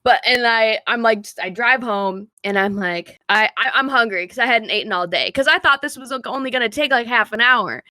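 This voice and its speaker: Young woman, podcast co-host, rambling, filler-heavy, fairly high, bright. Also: fairly quick, hardly any pauses, dry recording. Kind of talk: casual storytelling chat.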